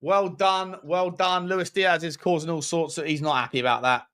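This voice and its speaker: Man, fairly high voice, lively streamer commentary, jokey, chatting to viewers. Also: moderate pace, clear, resonant tone. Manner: jokey, excitable, chats with viewers between plays. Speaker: football watchalong streamer. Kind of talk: live match commentary and chat.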